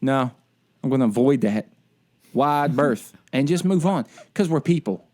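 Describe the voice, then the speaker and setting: A man co-hosting a casual podcast, telling a frustrated story in an animated, ranting way. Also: medium pitch, moderate pace. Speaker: podcast co-host; military service member.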